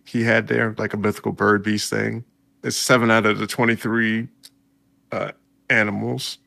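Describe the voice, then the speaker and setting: A man's voice: fairly low pitch, vocal fry, sharp tone. A man casually recapping a story for his viewers, chatty and laid-back, breaking in with reactions. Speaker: video host recapping a story.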